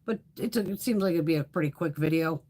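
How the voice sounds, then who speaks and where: A woman's voice: low-pitched, fast, warm tone. A middle-aged woman hosting a beauty livestream, chatting casually with viewers, swearing freely and laughing often.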